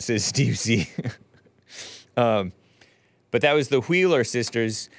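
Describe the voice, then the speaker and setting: A man's voice: fairly low pitch, a little slow, pauses often, clean tone, no echo. A man hosting a live talk show, reading viewer messages aloud with wry, chuckling, offhand asides.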